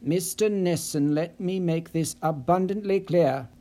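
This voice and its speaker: A man's voice: fairly high pitch, a little slow, warm tone, natural voice. A man voicing a stern male investigator in an audiobook, speaking in a clipped, cold, authoritative way. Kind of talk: audiobook character voice.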